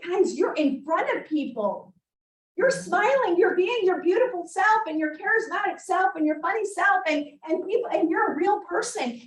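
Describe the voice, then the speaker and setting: A woman leading a real estate team meeting, giving an animated motivational talk and acting out scenes. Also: very high-pitched, fairly quick. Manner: animated, acts out scenes with exaggerated voices. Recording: echoey room, voice from far off.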